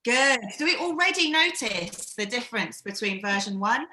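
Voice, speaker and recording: Bright-voiced woman coaching actors. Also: on the high side, animated, normal speed, echoey room, a little hiss or hum, poor audio. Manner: encouraging, chatty coaching with frequent ums. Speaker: acting workshop leader. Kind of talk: live-streamed acting workshop.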